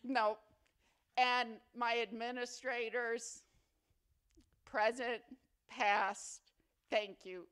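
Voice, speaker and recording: A woman's voice: fairly high pitch, steady tone, drawn-out words, pauses often, a bit bright, smooth. A woman giving an award acceptance speech at a ceremony, chatty, playfully humorous and sentimental. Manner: affectionate, sentimental. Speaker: faculty award recipient.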